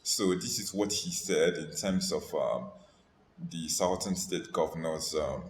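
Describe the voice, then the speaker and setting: Male host for a political chat show, deep and measured, recorded in a reverberant room. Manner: measured, hesitant with fillers. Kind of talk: political talk show discussion. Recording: echoey room, faint noise.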